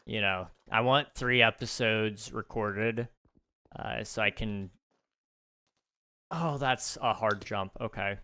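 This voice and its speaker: A young man live-streaming a game, chatting casually with viewers, relaxed and thinking aloud with fillers and small laughs. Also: lowish voice, slow pace, long pauses, clean tone. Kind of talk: casual live-stream chat while gaming.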